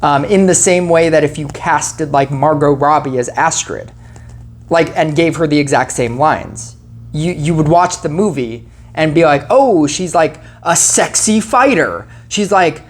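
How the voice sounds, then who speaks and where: Low-voiced woman rambling through a review. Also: measured pace. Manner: rambling, heavy on "like" and "you know", self-correcting. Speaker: film reviewer. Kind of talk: casual spoken film review.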